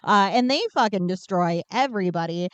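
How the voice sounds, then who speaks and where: Joking woman ranting through a movie plot, swears a lot, smooth clear voice, dry close sound. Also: mid-range voice, brisk, dry recording. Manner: sarcastic, profane, joking. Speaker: podcast co-host. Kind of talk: casual movie recap.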